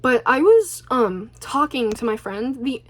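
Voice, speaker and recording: This woman vlogger's voice is on the high side with lively intonation, and she talks a little slowly. Her rambling, casual monologue is chatty and self-deprecating, broken up by a stutter and many restarts.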